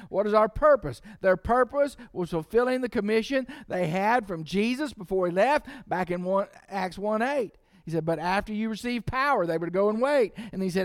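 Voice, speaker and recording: High-voiced preacher, emphatic delivery. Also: male voice, animated, moderate pace, no echo, clean studio sound. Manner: emphatic, repeats key lines and leads the congregation in saying them. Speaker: pastor. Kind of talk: sermon.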